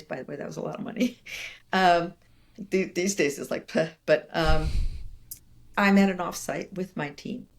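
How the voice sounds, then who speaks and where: An older woman, a professor as interview guest, telling animated stories in conversation and acting out quoted voices. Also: low voice, vocal fry. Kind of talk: storytelling in conversation.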